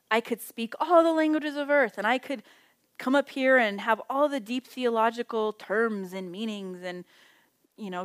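Chatty woman teaching a Bible study. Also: mid-range voice. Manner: conversational, animated storytelling with acted quotes. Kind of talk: casual teaching talk.

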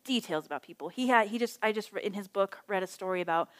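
Speaking fast in a mid-range voice, this middle-aged woman teaches Bible study in a relaxed, chatty manner. Her stories come alive with quotes she acts out.

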